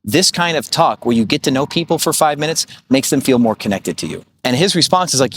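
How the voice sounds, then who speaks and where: A man's voice: mid-range voice, animated, a little fast, hardly any pauses, fairly bright tone, a little hiss or hum. A man in his thirties coaching rental hosts in a blunt, profane, storytelling way, full of fillers like "like" and "right?". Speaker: short-term rental business coach. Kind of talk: casual vlog monologue.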